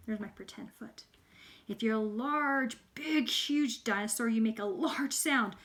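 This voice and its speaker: A woman's voice: a little high, fairly quick, heavy background noise. A woman teaching letters to young children in an upbeat, sing-song, coaxing way. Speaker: preschool teacher.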